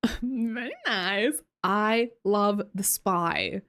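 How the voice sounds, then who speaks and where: Speaking extremely slowly, a young Australian woman hosts a livestream in a clear, resonant, slightly bright mid-range voice. She chats casually with a relaxed running commentary, reading out viewer messages and frequently laughing.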